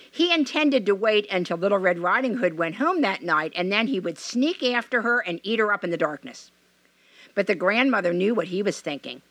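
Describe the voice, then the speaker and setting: A woman reading a fairy tale aloud in an expressive, measured way. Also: mid-range voice, dry recording.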